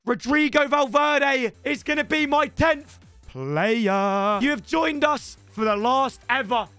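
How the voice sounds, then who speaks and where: A young Englishman commentating his football video game with energetic, shouty, slangy banter aimed at his viewers. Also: extremely high pitch, takes it slowly, clear, resonant tone, dry recording, soft background music. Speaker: gaming YouTuber. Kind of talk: excited gameplay commentary.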